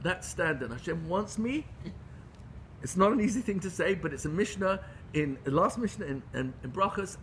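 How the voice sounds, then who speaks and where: English man teaching religious class, high bright voice, earnest. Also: slight background noise. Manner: earnest, with many restarts and Hebrew terms. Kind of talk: Torah class.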